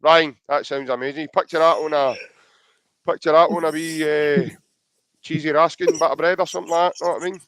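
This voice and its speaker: A man's voice: on the high side, fairly even intonation, fairly quick, fairly bright tone, clean tone, dry recording. A young man with a Scottish accent co-hosting a live podcast, joking around and reading out viewer comments in a casual chat. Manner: jokey, chatty, reads out viewer comments. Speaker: podcast co-host.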